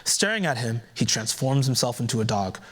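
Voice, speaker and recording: A man giving a keynote by telling a folktale aloud in a relaxed storytelling manner, adding conversational asides as he goes. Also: medium pitch, brisk. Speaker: keynote speaker. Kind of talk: oral storytelling.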